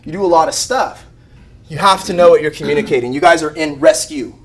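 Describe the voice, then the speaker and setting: A man, an animal behavior trainer giving a lively live talk to rescue volunteers and acting out everyday scenes. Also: a little high, a little fast, crowd noise. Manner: animated, acts out scenes with shouted mock voices.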